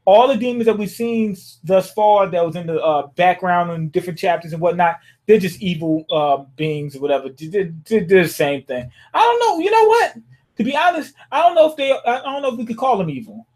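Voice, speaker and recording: A young man with a high voice talks through a manga chapter in a loose, rambling way. He keeps checking in with his listeners, casual and conversational from start to finish. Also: a little mellow. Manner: rambling, loose and conversational, often asks "you know what I'm saying?". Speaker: manga reviewer.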